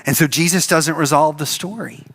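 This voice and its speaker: Pastor preaching in church, bright voice, kinda high, acts out the story. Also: male voice, moderate pace, gravelly, breathy edge. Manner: animated storytelling, acts out the characters. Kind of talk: sermon.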